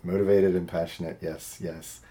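A man being interviewed, telling his life story in an earnest, halting way with lots of fillers. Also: deep voice, level tone, dark tone. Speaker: interview guest. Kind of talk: personal storytelling in conversation.

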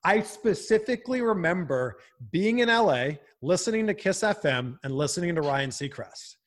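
Male host from Canada, chatty and animated, fairly high voice, very lively pitch. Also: normal speed. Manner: animated, laughs often, chatty with many fillers. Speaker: broadcaster and host. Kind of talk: casual podcast chat.

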